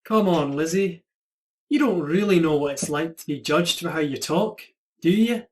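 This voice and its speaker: A performer playing a quirky Scottish accent coach with a Scottish accent, patient and a bit teasing, in an online student drama over a video call. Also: male voice, on the high side, normal speed, natural voice. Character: quirky Scotsman accent teacher.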